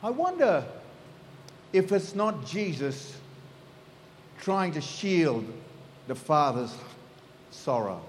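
A man's voice: fairly high pitch, sing-song, slow, pauses often, slight background noise. A man preaching a sermon, telling the story vividly and acting out the scenes. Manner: storytelling, acts out scenes in voices. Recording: echoey hall.

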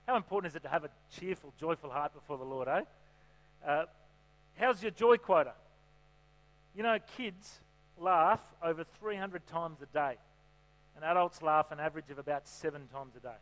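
A man's voice: fairly high pitch, normal speed, a bit bright. A man preaching a sermon in a church, chatty and joking, often asking the congregation questions. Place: church hall. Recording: reverberant hall with mains hum.

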